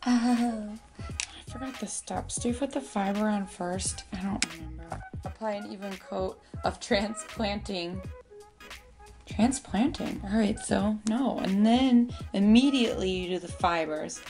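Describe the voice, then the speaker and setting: A woman with a mid-range voice speaks unhurriedly over music in a casual makeup tutorial. This beauty vlogger talks playfully and sillily to her pet bird and makes self-mocking asides.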